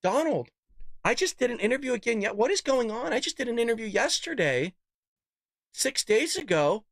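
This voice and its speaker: A man's voice: very high voice, very animated, moderate pace, vocal fry, no echo, studio quality, pitched above the performer's own voice, exaggerated voice. A man putting on a mocking impression of an indignant female politician. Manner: indignant, exasperated.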